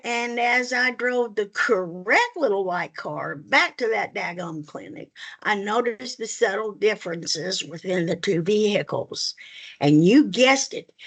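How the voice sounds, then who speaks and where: A woman's voice: fairly high pitch, a bit bright. A woman reading her own comic personal story aloud at a reading, with folksy Southern turns of phrase. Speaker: student reader. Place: reading event room.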